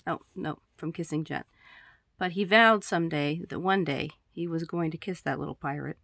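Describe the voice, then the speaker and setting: Low-voiced woman reading her story casually. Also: normal speed, a bit bright, no room sound. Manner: chatty, giggly, with throat-clearing asides. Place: room at home with poster backdrop.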